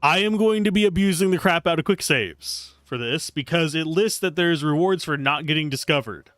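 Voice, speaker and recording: A man's voice: on the high side, moderate pace, no room sound, studio quality. A man casually commentating his game on a live stream, chatty and joking as he plays. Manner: animated, chatty, jokey asides. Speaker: streamer playing a video game.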